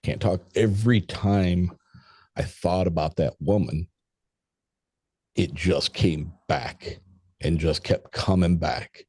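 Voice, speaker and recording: Deep-voiced man telling a story, candid and profane. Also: steady tone, slow pace, pauses often, a little mellow, slightly rough, no echo. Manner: candid, swears freely, quotes people in conversation. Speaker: podcast guest. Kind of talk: casual spoken storytelling.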